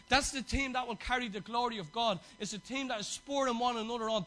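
A man's voice: very high voice, fast talker, few pauses, pushed and bright, poor audio. A man preaching a sermon to his church, passionate and exhorting, with chatty asides.

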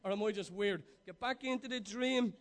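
Preaching with passion, a middle-aged man weaves stories into his sermon and shifts between loud eruptions and softer, hushed stretches. His voice sits high and he speaks at a moderate pace.

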